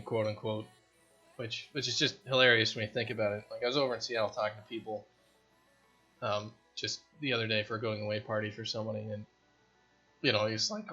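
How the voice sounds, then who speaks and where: A man with a bright, forceful voice talks casually through a dev vlog, rambling and poking fun at himself as he works on his game from a home basement. Faint music plays quietly underneath. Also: on the low side, husky, dull audio. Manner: rambling, self-deprecating, joking. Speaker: indie game developer. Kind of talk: casual dev vlog talk while programming.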